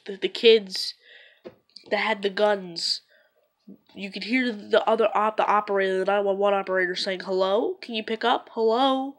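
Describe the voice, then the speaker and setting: A woman's voice: medium pitch, a bit bright. A woman vlogger retelling events in a loose, rambling, conversational way. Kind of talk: casual retelling to camera.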